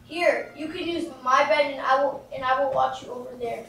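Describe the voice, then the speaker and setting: A kind, earnest young boy, played by a woman with a high voice, offering help. The voice is recorded far from the mic in a very echoey room. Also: normal speed, creaky, sharp tone, slight background noise, full character voice. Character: kind eight-year-old boy.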